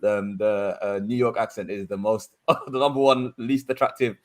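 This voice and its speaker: A man from London on a casual football panel, quick and teasing. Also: fairly low pitch, fairly even intonation. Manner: teasing, quick, laughs often.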